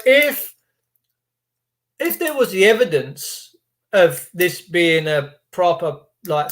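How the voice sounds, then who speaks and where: Rambling vlogger, high for a man, cheeky asides, swings between quiet mutters and loud emphasis. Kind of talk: rambling monologue to camera.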